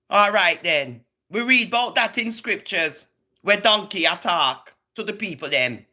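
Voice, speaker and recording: A woman's voice: on the high side, pushed and bright. A middle-aged woman with a Jamaican accent in a casual monologue rant, emphatic and preachy, drifting between Patois and English. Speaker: vlogger.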